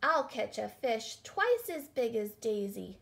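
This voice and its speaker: A woman's voice: fairly high pitch, very animated, slow, creaky, a bit bright, exaggerated voice. A woman voicing a cheeky young boy bragging about fishing, in a storybook reading. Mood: boastful. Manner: boastful.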